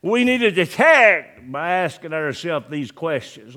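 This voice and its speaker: A man preaching a sermon, swinging between loud emphatic lines and hushed ones, and reading scripture in old-fashioned wording. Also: sits high, sing-song, a little slow, few pauses. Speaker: pastor.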